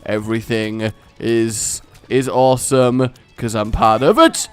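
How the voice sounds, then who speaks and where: A man giving let's play commentary, exasperated and given to sudden shouts and fits of laughter. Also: mid-range voice, steady tone, slow pace, clean tone, faint music behind. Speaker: gaming commentator.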